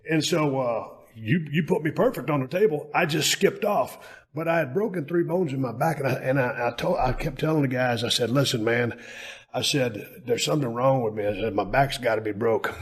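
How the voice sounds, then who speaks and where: Plainspoken man host, slightly high voice. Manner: plainspoken, recounting in detail. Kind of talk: casual conversation.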